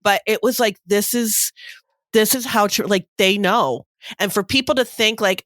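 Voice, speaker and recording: Here a female podcast co-host, medium in pitch and moderate in pace, spins animated stories during a casual chat, leaning heavily on fillers. The sound is clean studio audio without echo.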